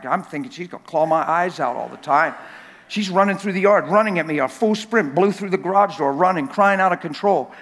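Male preacher, high voice, emphatic and repetitive delivery with shouted peaks; long church-hall reverb. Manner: emphatic, repeats words for effect, rises to shouting at climaxes; jokes with the crowd. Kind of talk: sermon.

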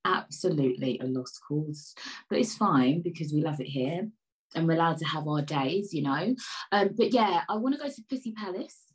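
A woman chatting casually to camera over a cup of tea, rambling, flipping between loud outbursts and quiet mutters. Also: on the low side, lively intonation, a little fast, rough recording. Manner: sips tea while talking. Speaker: vlogger.

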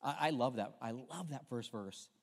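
A man's voice: mid-range voice, moderate pace, gravelly, long reverb tail. A man preaching a sermon from the pulpit in a church, with joking, conversational asides to the congregation. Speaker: pastor. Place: church sanctuary.

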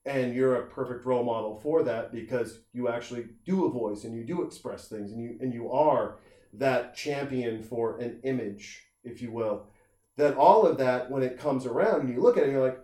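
A middle-aged man in casual comedic chat, talking in a profane, animated way and acting out the people he quotes in jumping voices. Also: mid-range voice, moderate pace. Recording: roomy echo.

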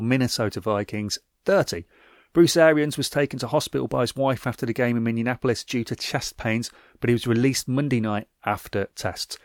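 A man's voice: medium pitch, dry recording. A man hosting a podcast, reading a scripted football recap with wry, dry asides. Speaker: podcast host.

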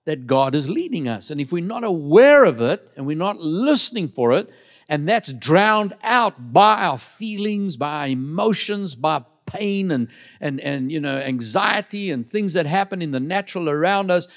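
Middle-aged pastor guy preaching in church, pitch jumps all over, bit high voice. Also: moderate pace. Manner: lively preaching with congregation call-and-response. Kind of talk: sermon.

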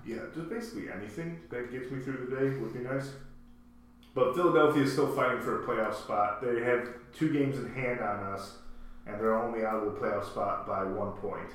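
A man's voice: mid-range voice, normal speed, distant mic. A man co-hosting a podcast, chatting casually about his soccer team, rambling and correcting himself as he goes. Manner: rambling, self-correcting, laughs often. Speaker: podcast co-host. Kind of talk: casual sports chat. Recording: echoey room, off-mic, faint hum.

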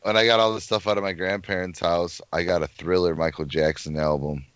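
A man's voice: sits low, steady tone, a little fast, fairly bright tone, smooth, dry recording, lo-fi sound. A man co-hosting a podcast in loose, laid-back casual chat, dropping "bro" often. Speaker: podcast co-host.

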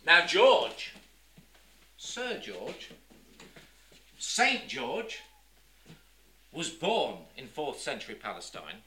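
A man narrating a comic story in a mock-grand, theatrical, drawn-out manner. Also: on the high side, pushed and bright.

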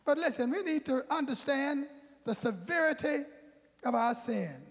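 A man's voice: extremely high pitch, expressive, normal speed, fairly bright tone, long reverb tail. A man preaching a sermon as pastor, calling out to the congregation and asking if they are still with him. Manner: preaching with call-and-response to the congregation.

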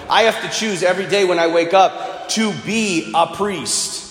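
A man's voice: fairly high pitch, moderate pace, fairly bright tone. A man, a priest, giving a conversational sermon and telling stories, now and then acting out the people he quotes. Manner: storytelling homily, conversational, acts out quoted voices. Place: church. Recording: echoey church with long reverb.

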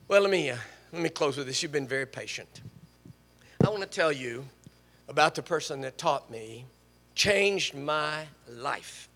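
An older man preaching in a church sanctuary, telling stories and teasing his congregation. His voice is bright and sits a bit high for a man. A long reverb trails after each phrase. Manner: storytelling, animated, jokes with the congregation. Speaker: guest preacher. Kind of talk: sermon.

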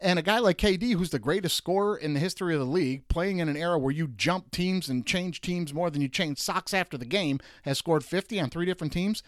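A man from Detroit hosting a sports show, ranting with exasperated emphasis and jumping up high when he mocks. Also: fairly quick, hardly any pauses, no room sound, clean studio sound. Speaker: podcast host. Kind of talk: animated sports rant.

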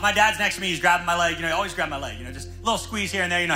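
A male pastor preaching a sermon in a church, telling stories with lively energy. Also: sits high, rapid-fire, few pauses, soft background music, poor audio. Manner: energetic, animated storytelling.

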